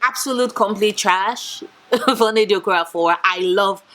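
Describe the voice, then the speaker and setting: A young woman from Nigeria chatting casually and excitedly about books she can't wait to read, gushing with big swings in her voice. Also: medium pitch, measured pace. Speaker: book reviewer. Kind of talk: casual enthusiastic book chat.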